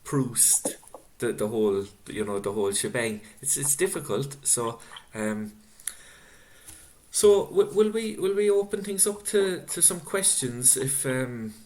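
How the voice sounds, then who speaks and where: A man's voice: medium pitch, lively intonation, a little slow, a little mellow. Reflective man hosting a book chat. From Ireland. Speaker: author interviewer reading audience questions. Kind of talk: casual book-event conversation.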